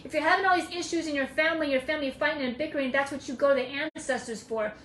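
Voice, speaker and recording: A woman's voice: high-pitched, racing, fairly bright tone, reverberant, a little hiss or hum, low-quality recording. A woman giving casual spiritual advice on a live stream, emphatic and preachy, repeating her points. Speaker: spiritual teacher.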